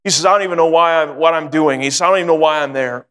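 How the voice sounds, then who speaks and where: A male preacher with a notably high voice delivers a sermon, moving from an earnest personal story to fervent exhortation. His words ring out with a long hall reverb trailing behind them. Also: racing, a bit bright.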